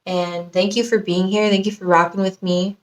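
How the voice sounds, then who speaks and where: Woman tarot reader, casual, slangy and profane, warmly gushing at her audience. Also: medium pitch, level tone, normal speed. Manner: slangy, profane and gushing, talks straight to viewers. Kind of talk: casual pick-a-card tarot reading.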